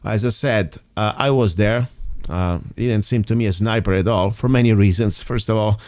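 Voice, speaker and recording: A man's voice: lowish voice, moderate pace, a little mellow, dry recording. A man with an Italian accent hosting a political talk radio show, speaking emphatically with frequent restarts and sounding a bit tired. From Italy. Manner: emphatic, rambling, restarts often. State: tired and irritated.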